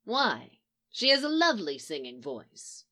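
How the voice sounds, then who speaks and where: A woman's voice: fairly low pitch, huge pitch swings, unhurried, pushed and bright, pitched below the performer's own voice, exaggerated voice. A woman reading the lines of a guarded, wry man who was recently freed, giving glib, dry replies.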